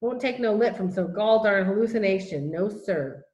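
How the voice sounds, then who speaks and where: A woman's voice: medium pitch, lively intonation, moderate pace, reverberant, highs cut off, lightly acted. Woman doing a tiny Texas cowboy, drawling. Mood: furious. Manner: gruff drawling, shouting and self-pitying. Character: tiny angry, weepy adult male cowboy.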